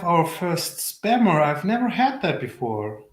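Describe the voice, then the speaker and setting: A man's voice: on the high side, sing-song, a little slow. A man hosting a live-stream interview, playful and self-deprecating as he asks his guest questions. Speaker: host. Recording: echoey room.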